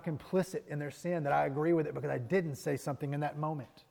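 A man preaching a morning sermon, earnestly repeating his key lines and swelling to emphatic peaks between quieter stretches. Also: on the high side, steady tone, fast, gravelly, in a large hall. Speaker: pastor.

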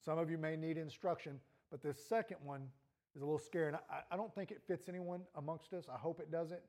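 A man's voice: fairly high pitch, steady tone, quick pace, darkish tone. Man, pastor, sermon, earnest, rising and falling intensity, scratchy throat. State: throat trouble.

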